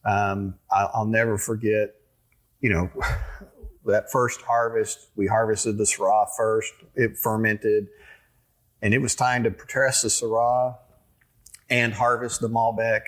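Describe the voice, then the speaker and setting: A man's voice: on the low side, little pitch movement, takes it slowly. A man, a winery owner telling a rambling story in a casual interview, full of fillers and restarts.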